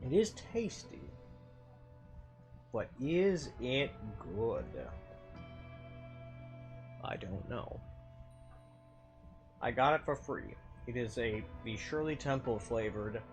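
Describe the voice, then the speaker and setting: A man streaming a game and chatting casually, swinging between mumbling and loud, swearing exclamations. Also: medium pitch, animated, takes it slowly, soft background music.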